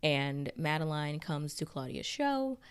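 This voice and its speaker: A woman with a notably low-pitched voice recaps a TV episode in an unhurried, conversational way. She rambles, restarts her sentences and peppers almost every phrase with "like". It sounds like an easygoing solo vlog monologue. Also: big pitch swings, clean tone. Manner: chatty, heavy use of "like", rambling restarts. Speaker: TV recap reviewer. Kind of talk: casual spoken recap.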